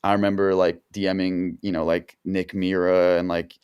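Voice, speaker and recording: A man with a somewhat low voice tells stories in a relaxed, rambling way. He is a guest producer talking casually on a podcast, and his speech is full of slang. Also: normal speed, clear, resonant tone, dull audio. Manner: laid-back, rambling, filler-heavy slang.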